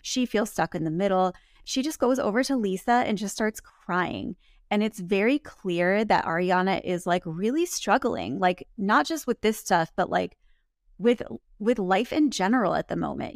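A woman with a gravelly edge in her mid-pitched voice, chatting as a podcast co-host. She retells scenes animatedly, slipping into quoted lines. The sound is dry and close. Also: animated, moderate pace, dry recording. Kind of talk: casual recap chat.

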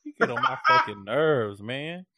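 A man co-hosting a casual chat, recapping a reality show in a profane, animated way and acting out what people said. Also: on the high side, normal speed, no room sound. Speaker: podcast co-host.

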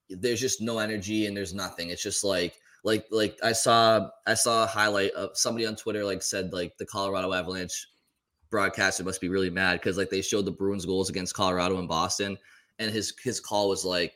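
Here is a man with a fairly low voice that still has a bright, forward edge. He is chatting casually as a sports podcast co-host. He rambles and often restarts and repeats words.

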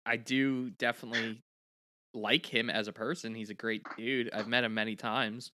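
A man co-hosting a podcast in casual chat, chatty and quick to laugh. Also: mid-range voice, fairly even intonation, sharp tone, no room sound, clean studio sound. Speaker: podcast co-host.

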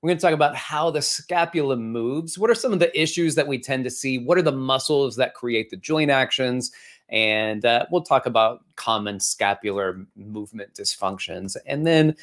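A man hosting an educational fitness podcast, telling stories and explaining in a conversational, animated way. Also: mid-range voice, normal speed. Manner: animated, storytelling, conversational with fillers. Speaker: podcast host and fitness instructor.

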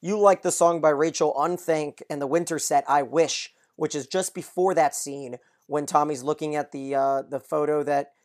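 A podcast host handles listener letters and a TV episode recap, keeping the summary brisk and steady in a mid-range voice.

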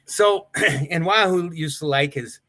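A man's voice: fairly high pitch, unhurried, pushed and bright. An older man, a retired wrestler, telling rambling stories in a casual interview. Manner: rambling, with restarts and chuckles. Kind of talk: casual anecdotal storytelling.

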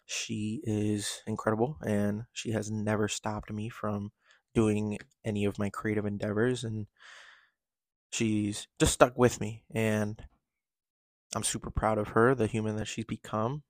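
A man's voice: lowish voice, little pitch movement, measured pace, dry recording. A man hosting his own podcast, talking candidly in a rambling solo monologue full of fillers and restarts. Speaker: podcast host.

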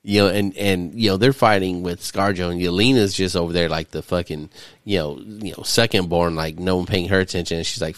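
A man's voice: low voice, steady tone, a little fast, dry recording. A man hosting a podcast, recapping a movie in casual, profane chat and laughing often. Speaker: podcast host. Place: studio.

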